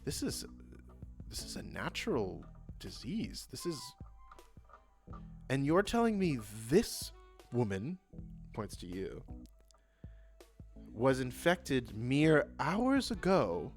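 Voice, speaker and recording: A man's voice: mid-range voice, huge pitch swings, takes it slowly, pauses often, faint music behind, exaggerated voice. A man voicing an overworked male elf doctor in a tabletop game, speaking in a precise, clinical and exasperated way.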